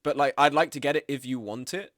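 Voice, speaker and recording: A man, streaming and chatting casually, animated and blunt, with frequent swearing and mimicking of others. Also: fast talker, no room sound, clean studio sound. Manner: animated, swearing, acts out quoted people in higher voices. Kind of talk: casual live-stream commentary.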